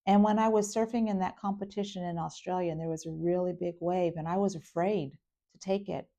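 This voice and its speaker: A relaxed, easygoing brother who talks low and gentle, as a woman puts him on in her story. He sounds affectionate and sheepish. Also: a little fast, lightly acted. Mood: soft. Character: laid-back adult brother, affectionate and apologetic.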